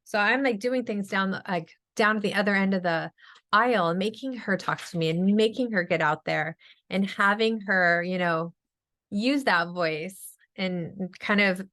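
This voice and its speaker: A middle-aged woman, a speech-language pathologist, giving an energetic webinar talk on a video call. She talks quickly and chattily with many fillers. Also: medium pitch. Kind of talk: webinar presentation.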